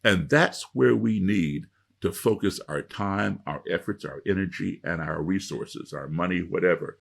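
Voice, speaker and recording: A man's voice: low-pitched, a little slow, creaky, breathy edge. A middle-aged man telling a story in an interview, lecturing with emphatic repetition. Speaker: guest speaker.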